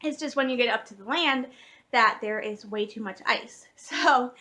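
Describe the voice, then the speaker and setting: A woman's voice: on the high side, moderate pace, bright, forceful tone. A woman, vlogging in a rambling, chatty way, laughing often and correcting herself mid-sentence. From Michigan, USA. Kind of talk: casual vlog chat.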